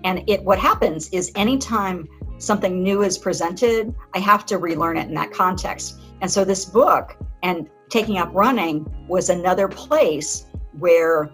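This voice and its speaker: Woman guest in an interview, reflective and halting, restarts her sentences, faint music underneath. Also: on the low side, low-quality recording. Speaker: author and guest. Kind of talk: conversational interview.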